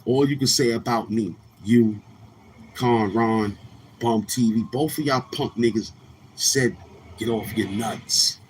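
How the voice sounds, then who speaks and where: A man's voice: medium pitch, unhurried, a little mellow, a little hiss or hum. A man hosting his own online morning show, boasting and trash-talking rivals in a brash, repetitive rant. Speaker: YouTube show host.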